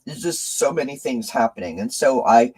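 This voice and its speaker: A man's voice: mid-range voice, expressive, moderate pace, darkish tone, husky, poor audio. An emotional man gushing thanks on a live stream. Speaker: tarot reader and channel host. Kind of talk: live-stream chat with viewers.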